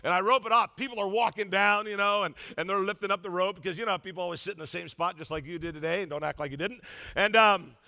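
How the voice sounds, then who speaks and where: A man's voice: high voice, fast talker, pushed and bright. A middle-aged male pastor preaching a sermon, telling a comic story with quoted voices.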